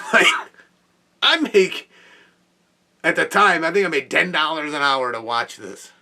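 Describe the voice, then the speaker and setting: A young man, host of a podcast, telling an animated work story in a casual way with exclamations and laughs. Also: fairly high pitch, a little slow, gravelly, far from the mic.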